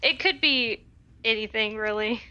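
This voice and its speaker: A woman's voice: fairly high pitch, unhurried, bright, forceful tone. A woman playing in a tabletop game, apologetic and easygoing, on a dull lo-fi mic. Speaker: player. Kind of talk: casual chat.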